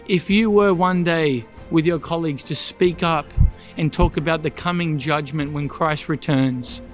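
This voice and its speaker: A man preaching a sermon in church, earnest, repeating his points and asking the congregation pointed questions. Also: fairly high pitch. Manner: earnest, rhetorical questions, emphatic repetition. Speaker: pastor.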